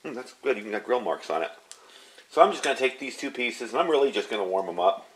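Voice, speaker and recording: A man in his fifties chatting casually as he walks through a cooking demonstration. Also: mid-range voice. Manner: chatty, relaxed, talks while cooking. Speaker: home cook.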